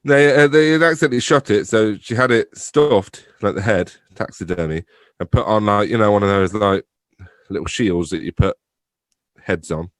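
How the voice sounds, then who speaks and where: A man's voice: on the low side, moderate pace, dry recording, studio quality. A young adult man, chatting casually as a podcast guest, rambling, swearing freely and laughing often. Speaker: podcast guest, theatre company director. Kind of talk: casual conversation.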